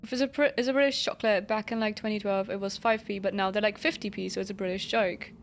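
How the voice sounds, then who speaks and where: A woman's voice: mid-range voice, fairly even intonation, fast talker, soft background music. A woman streaming a video game, chatting playfully with her viewers, reading their messages aloud and swearing casually at enemies. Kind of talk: casual gaming livestream commentary.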